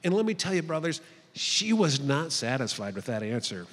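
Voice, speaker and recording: A man giving a storytelling talk at a retreat for clergy, animated and acting out the voices of the people in his story. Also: medium pitch, normal speed, big-room sound. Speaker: retreat speaker. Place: large conference hall.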